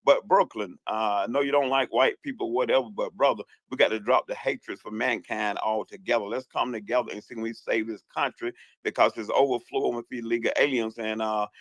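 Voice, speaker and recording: A man's voice: medium pitch, steady tone, fairly quick, few pauses, dry recording. A man with a Southern US accent calling into an online audio room, talking bluntly and emphatically with plenty of profanity. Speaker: caller. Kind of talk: casual call-in chat.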